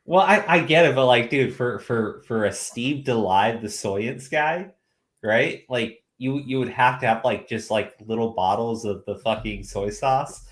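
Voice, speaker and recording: A man hosting a casual podcast, rambling and animated, swearing freely. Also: mid-range voice, unhurried. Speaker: podcast host.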